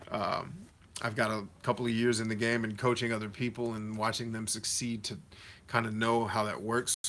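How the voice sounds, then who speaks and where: Here a man with a sharp, mid-range voice hosts a casual live Q&A stream. Reading viewer comments aloud, he responds to them directly in slang-heavy, conversational coach talk meant to motivate.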